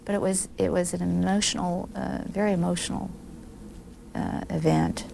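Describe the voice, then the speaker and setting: A woman in her fifties from the United States, candidly recalling events in an interview, animated, with frequent restarts. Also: on the low side, normal speed, creaky, slight background noise. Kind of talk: reflective interview recollection.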